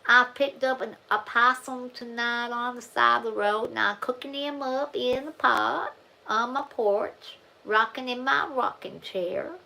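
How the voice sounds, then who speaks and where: A woman voicing a lonely Tennessee country woman, a slow, drawling storyteller with a Southern accent. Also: on the high side, steady tone, vocal fry, pushed and bright, pitched above the performer's own voice, heavily acted, poor audio. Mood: folksy.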